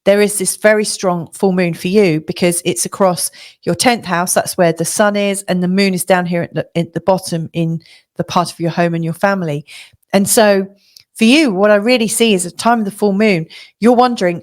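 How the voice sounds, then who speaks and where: A woman's voice: medium pitch, fairly even intonation, moderate pace. A middle-aged woman astrologer giving a monthly forecast in a reflective, coaching way, with many fillers and restarts.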